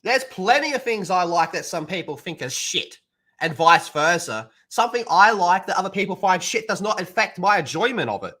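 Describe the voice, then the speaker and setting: Animated, profane male streamer. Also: high-pitched, normal speed. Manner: heated, profane, sarcastic ranting. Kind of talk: livestream rant.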